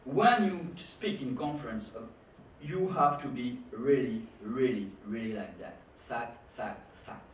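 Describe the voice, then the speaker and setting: A man lectures at a conference with a lively pitch that swings up and down, hammering his points by repeating words. His voice echoes around a roomy hall, picked up from a distance with a faint hiss behind. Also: unhurried. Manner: emphatic, repeats key words, non-native phrasing. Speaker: conference speaker.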